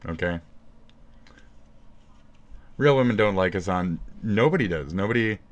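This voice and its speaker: A man's voice: low-pitched, lively intonation, measured pace. A man giving rambling, sarcastic commentary about another streamer, cursing constantly and recording himself on his phone. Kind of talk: profane ranting commentary.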